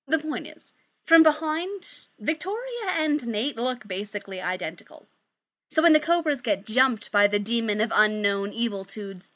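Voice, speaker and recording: A woman reads a story aloud, swearing casually and stopping for playful side remarks to her listeners. Her voice is bright and forceful and sits somewhat high for a woman. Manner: chatty, swears, breaks off for joking asides. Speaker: story reader. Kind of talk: reading fan fiction aloud.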